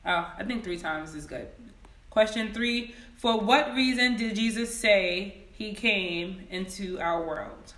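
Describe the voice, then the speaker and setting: A woman leading a livestreamed Sunday school lesson on her phone, greeting viewers by name and reading each question slowly, then repeating it. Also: mid-range voice, fairly bright tone, roomy sound. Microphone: phone camera.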